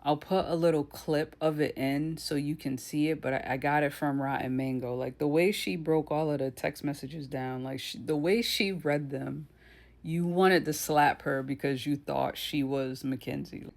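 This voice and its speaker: A woman's voice: low voice, fairly even intonation, moderate pace, creaky, darkish tone. Blunt, indignant woman commentator. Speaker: true crime commentator. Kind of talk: casual commentary.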